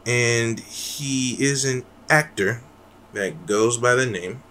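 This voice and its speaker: A man's voice: medium pitch, slow, a bit bright. A man co-hosting a podcast in loose, rambling casual chat, swearing freely. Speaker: podcast co-host.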